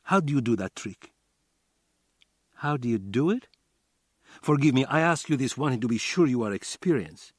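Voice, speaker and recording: A cagey Cuban man with a Cuban accent, posing as a magician over the phone, as an audiobook narrator puts him on. His phrasing is formal and halting, pitched above the narrator's own voice. The sound is dry and close. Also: lively intonation, dry recording, close to an everyday voice.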